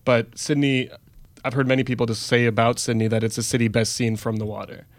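A man's voice: medium pitch, little pitch movement, fairly quick, dry recording. A man travel editor chatting casually, musing with hesitant ums. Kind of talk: casual podcast chat.

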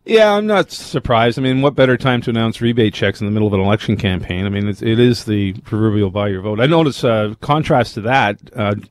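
A man giving measured political analysis on a radio panel, often stopping to restart words. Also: fairly low pitch, no echo. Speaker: political commentator.

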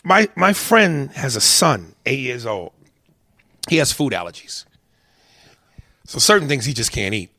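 Heated and profane, a man rants his way through a story, alternating loud outbursts with low muttered asides. The recording is dry and studio quality.

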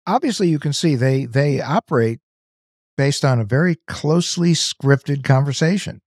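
A man co-hosting a podcast, explaining things in a measured, casual way. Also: fairly high pitch, expressive, a little mellow, dry recording, clean studio sound. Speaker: podcast co-host. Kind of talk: casual chat.

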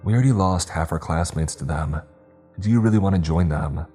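A man's voice: sits low, fairly quick, dark tone, faint music behind, close to an everyday voice. A man playing a scornful, exasperated teenage boy who talks bluntly and curtly in an audiobook. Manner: scoffing, curt.

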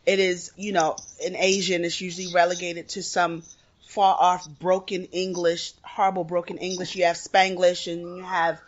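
A woman hosting a podcast interview, earnest and measured, offering firm opinions. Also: fairly low pitch, flat delivery, dull audio. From United States. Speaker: podcast host. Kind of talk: casual interview.

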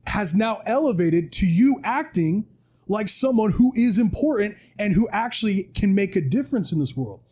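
Man, podcast guest, high husky voice, emphatic preachy delivery. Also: expressive, normal speed, darkish tone. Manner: preachy, emphatic, keeps asking "right?". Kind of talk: animated motivational talk. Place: podcast studio.

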